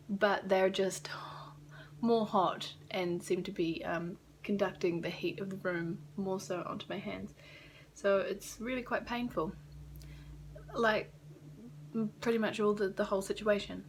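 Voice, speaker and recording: A woman's voice: mid-range voice, a little hiss or hum. Rambling New Zealand woman vlogging. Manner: chatty, rambling, swears casually. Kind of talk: casual rambling vlog. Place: small rented apartment indoors.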